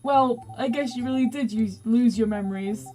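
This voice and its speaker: A woman's voice: fairly high pitch, moderate pace, warm tone, faint music behind, natural voice. A woman voicing a smug, teasing male talking dog from a story game, reading his lines in a brash, playful way.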